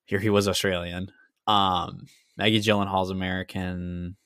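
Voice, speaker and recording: A man with a fairly low voice, talking casually and a bit hesitantly during a movie review podcast. He pauses on "um"s as he sorts through his thoughts. The recording is dry and close. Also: level tone, fairly bright tone, clean tone, no echo. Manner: measured, hesitant, many "um"s. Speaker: podcast co-host. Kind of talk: casual film review chat.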